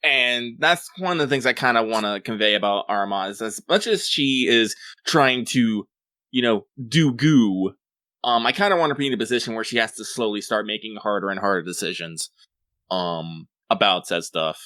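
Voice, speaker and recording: A man with a low but bright voice, chatting casually and rambling through his thoughts. He jumps up and down in pitch, acts out bits of a story, and fills his pauses with "um" and "like". The sound is dry and close. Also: dry recording. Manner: rambling, animated, many fillers, swears. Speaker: podcast co-host. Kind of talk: casual chat.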